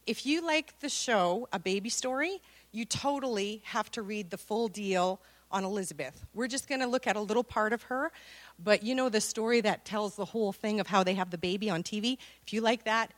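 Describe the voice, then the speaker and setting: A woman, giving a sermon full of personal stories, acting out dialogue and laughing often. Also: mid-range voice. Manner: animated storytelling, acts out dialogue, laughs often. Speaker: women's speaker.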